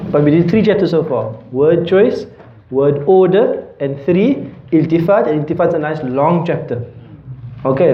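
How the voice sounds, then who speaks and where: A man's voice: a little high, background noise. A man teaching a classroom lecture. He explains with everyday examples and keeps checking that students are following. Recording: roomy, dull lecture-hall recording.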